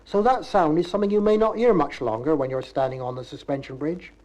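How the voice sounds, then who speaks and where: A man's voice: a little high, fast talker, darkish tone, rough recording. A man with a Bristol accent giving a chatty, wry, folksy humorous monologue. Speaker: narrator. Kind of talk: humorous spoken-word monologue.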